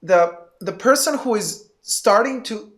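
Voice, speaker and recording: Lively, playful male storyteller. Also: high-pitched, unhurried. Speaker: guest. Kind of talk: casual chat.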